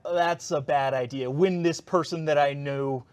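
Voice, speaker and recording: High-voiced wry male co-host. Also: steady tone, measured pace, smooth, no room sound. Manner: wry, storytelling. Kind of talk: casual studio chat.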